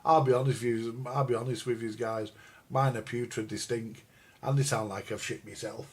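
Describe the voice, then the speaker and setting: An older man with a husky, mid-range voice and fairly even intonation speaks at normal speed. He's a record collector rambling on a live stream about records and radios, crudely joking and calling viewers "guys."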